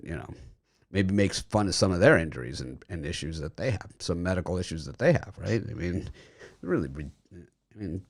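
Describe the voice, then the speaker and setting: A man hosting a sports betting picks show, talking loosely with lots of fillers and restarts while recovering from dental surgery. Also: low voice. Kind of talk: casual chat.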